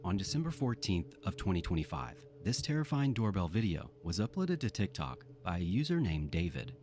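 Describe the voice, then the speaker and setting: A man's voice: low-pitched, sing-song, fairly quick, darkish tone, slight background noise. A man narrating a scripted true-crime story in a dramatic storytelling manner.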